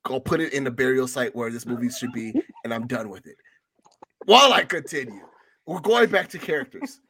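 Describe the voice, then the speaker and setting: A man's voice: mid-range voice, expressive, a little fast, fairly bright tone, slight background noise. A man co-hosting a casual film review podcast, ranting in a profane, exasperated way. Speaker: podcast co-host.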